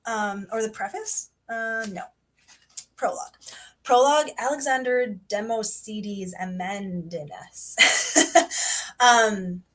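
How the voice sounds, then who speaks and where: A woman's voice: a little high, slight background noise. Chatty young woman hosting a book livestream. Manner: chatty and excitable, many fillers, reads passages aloud. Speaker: book club livestream host. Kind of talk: casual livestream book discussion.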